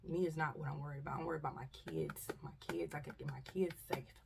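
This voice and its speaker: A woman's voice: sits low, fairly even intonation, rapid-fire, vocal fry, distant mic, noisy background. A woman vlogger, telling a story casually and animatedly, acting out voices and dropping to whispers.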